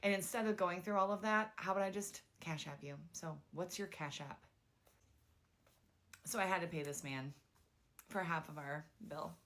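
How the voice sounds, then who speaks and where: Chatty young woman with lowish voice. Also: a little fast. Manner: chatty, frequent "like" fillers, animated retelling. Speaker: storyteller. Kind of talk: casual storytime.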